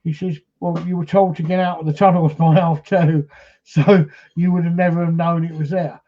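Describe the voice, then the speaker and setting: A man's voice: a little high, little pitch movement, normal speed, muffled recording. A man, a paranormal investigator retelling a story casually with lots of "he says" and quoted speech.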